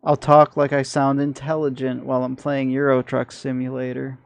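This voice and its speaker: Gravelly, flat-voiced Michigan man. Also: medium pitch, normal speed, dry recording. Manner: self-deprecating, rambling, lots of fillers. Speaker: streamer. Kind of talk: casual gameplay commentary.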